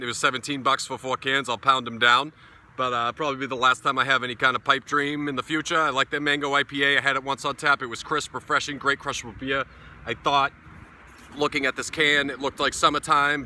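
A man's voice: mid-range voice, bright, forceful tone, slight background noise. A middle-aged man from New England with a New England accent, reviewing a beer in a casual, blunt, profane and sarcastic way while sitting out in his backyard. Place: backyard outdoors.

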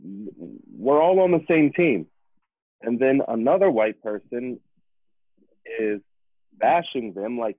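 A man's voice: mid-range voice, big pitch swings, slow, pauses often, no echo. Tinny, phone-like man on a call. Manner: emphatic, repetitive, acts out examples. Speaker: guest, personal trainer. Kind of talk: casual conversation. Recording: tinny phone-like line, dry.

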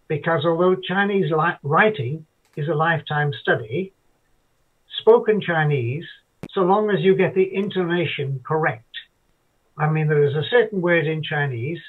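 An older man from Ireland, a guest telling rambling stories in casual chat, with hesitant restarts. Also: fairly high pitch. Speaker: guest interviewee. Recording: tinny phone-like line.

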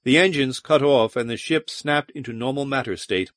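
A man narrating an audiobook with expressive, dramatic storytelling. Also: mid-range voice, moderate pace, dry recording, studio quality. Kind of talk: scripted narration.

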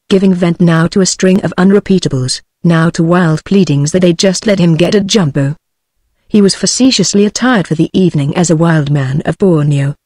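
A text-to-speech woman's voice with a British English accent, reading a novel aloud in an even, machine-read narration without character voices. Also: fairly low pitch, no room sound, studio quality. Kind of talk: synthetic audiobook reading.

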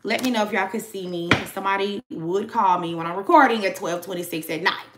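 A woman's voice: medium pitch, fast, very noisy. A young woman giving a casual tarot reading to her viewers, chatty and slangy, talking straight to the audience. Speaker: tarot reader.

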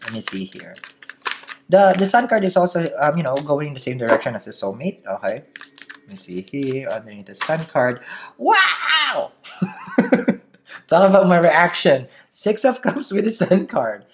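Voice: mid-range voice, very animated, normal speed, background noise. Chatty tarot reader with a slight accent. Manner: chatty, laughs often, keeps asking "okay?". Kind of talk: casual daily tarot reading to camera.

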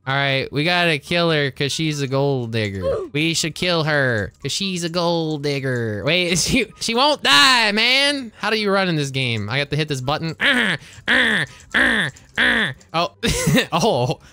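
A man's voice: a little high, animated, a little slow, pushed and bright, clear, resonant tone, dry recording. A man giving goofy, hyper gaming commentary, joking, laughing and slipping into silly voices. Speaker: gaming YouTuber.

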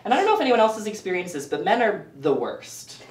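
A man performing a self-deprecating stand-up set with deadpan asides for a small audience in a living room. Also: high voice, quick pace, reverberant, recorded from a distance, slight background noise. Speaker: stand-up comic.

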